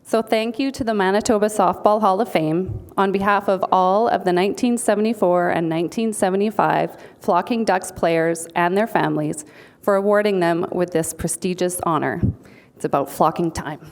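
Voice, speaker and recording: A woman's voice: mid-range voice, normal speed. Woman, mid-range voice, witty punning acceptance speech read from notes. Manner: playful punning delivery. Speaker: speaker accepting an award for a team. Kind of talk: humorous prepared speech. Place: banquet hall.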